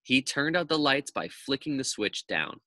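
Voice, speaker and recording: Man, teacher, children's read-aloud, animated pitch, bright tone. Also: moderate pace, dry recording. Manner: lively, expressive storytelling. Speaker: teacher reading to his class.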